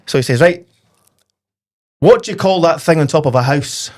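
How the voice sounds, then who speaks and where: A Scottish man hosting a casual football podcast, telling jokes in a lively storytelling way. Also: fairly high pitch, moderate pace. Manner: joke-telling, animated storytelling. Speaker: podcast host.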